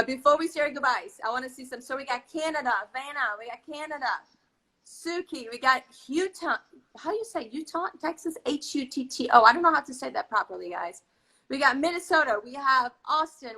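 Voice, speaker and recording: On a poorly recorded live video-call baking stream, a woman speaks in a high, bright, forceful voice that is animated and brisk. Gushing and casual, she reads out viewer comments naming where her audience is.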